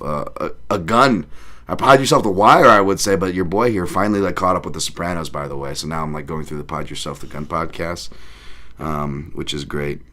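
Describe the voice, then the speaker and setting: A man hosting a podcast livestream in a casual chat, rambling and excitable, thanking viewers and swearing often. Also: sits low. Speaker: podcast host.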